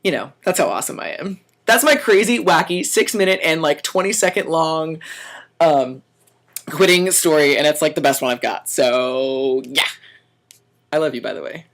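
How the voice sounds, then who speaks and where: A man's voice: on the high side, normal speed, a bit bright. A young man vlogging, telling a story in a dramatic, profane way and acting out quoted lines. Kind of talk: animated storytelling.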